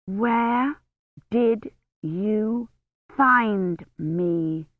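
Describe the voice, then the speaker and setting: A woman's voice: lowish voice, fairly even intonation, unhurried, no room sound, narrow, tinny audio. A woman reading an anxious young woman who asks pleading questions.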